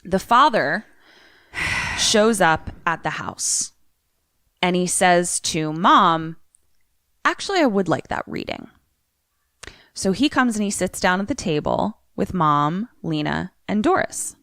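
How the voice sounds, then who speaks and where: Chatty woman recapping a movie, low voice. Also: lively intonation, slow pace, creaky, a bit bright, no room sound, studio quality. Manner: chatty retelling with frequent "like". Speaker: podcast co-host.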